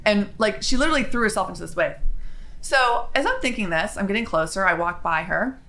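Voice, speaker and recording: A woman vlogger telling a spiritual story in a chatty, animated way, with quick asides. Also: mid-range voice.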